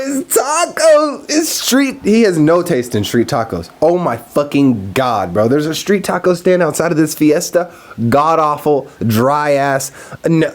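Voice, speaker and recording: A young man in his twenties from Texas, hosting a casual solo podcast, ranting with lots of swearing and laughing often. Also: a little high. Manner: profane, animated, laughs often. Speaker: podcast host.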